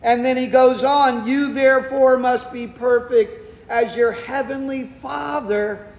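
High-voiced man preaching in echoing hall. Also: fairly even intonation. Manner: emphatic preaching, slowing for stress, asking and answering questions. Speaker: pastor. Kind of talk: sermon. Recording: echoey hall, long reverb.

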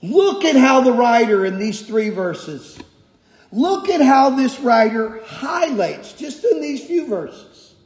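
A male pastor preaching a sermon, emphatic and repetitive, moving from quiet stretches to shouted points. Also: extremely high pitch, sing-song, slow. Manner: emphatic, repeats key phrases, shifts from quiet to shouting. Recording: echoey hall.

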